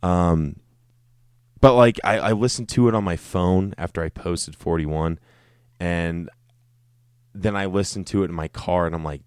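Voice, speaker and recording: A man's voice: deep voice, measured pace, long pauses, smooth, no echo, studio quality. A young man hosting a casual solo podcast, rambling and joking with plenty of swearing. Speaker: podcast host.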